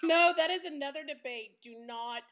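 A woman moderating a casual chat in a brisk manner. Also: sits high, fairly bright tone, a little hiss or hum.

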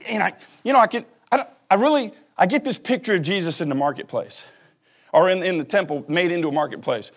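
A man's voice: sits high, fast, slightly rough. A man preaching a sermon as pastor, folksy and joking, talking straight to the congregation. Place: church.

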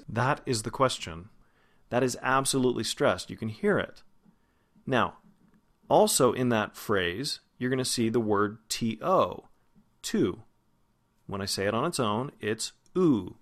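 Man teaching vowel sounds slowly. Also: mid-range voice, a bit bright. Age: adult, past grad school. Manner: demonstrates sounds slowly, stretching single words. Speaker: vocal coach. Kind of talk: pronunciation lesson.

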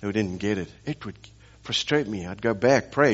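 A man's voice: on the low side, animated, normal speed, highs cut off. A man preaching a sermon as pastor, telling stories and pressing the congregation with rhetorical questions and emphatic repetition.

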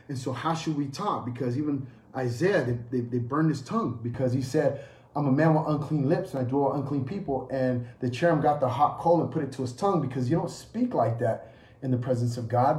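A man preaching a sermon as a pastor, emphatic and repetitive, moving between loud calls and quieter storytelling. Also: medium pitch, animated, a little fast, echoey room.

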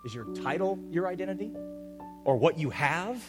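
Passionate pastor preaching over soft music. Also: male voice, a little high, lively intonation, moderate pace. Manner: swings between loud urgent calls and quiet intimate asides. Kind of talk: sermon. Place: church hall with an audience.

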